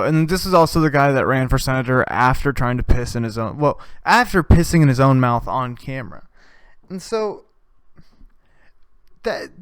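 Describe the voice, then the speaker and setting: A man's voice: medium pitch, clean tone, no echo. A male host telling crude, rambling jokes in an ironic comedic monologue.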